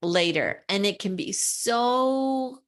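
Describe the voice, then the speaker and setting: A woman's voice: mid-range voice, animated, takes it slowly. A woman co-hosting a podcast in casual discussion, speaking earnestly and with emphasis as she explains, sometimes quoting people in their own voices. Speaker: podcast co-host.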